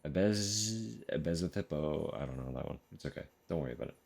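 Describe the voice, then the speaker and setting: Deep-voiced man muttering dry asides. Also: racing, gravelly, dark tone, breathy edge. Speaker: streamer playing a game. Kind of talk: casual asides while reading in-game messages.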